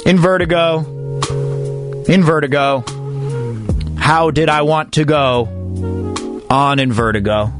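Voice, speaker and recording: A man's voice: on the high side, slow pace, pauses often. Guy doing a radio show monologue, goofy dramatic slam-poetry vibe, music playing under him. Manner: animated, mock-dramatic, comic slam-poetry delivery. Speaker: sports radio host.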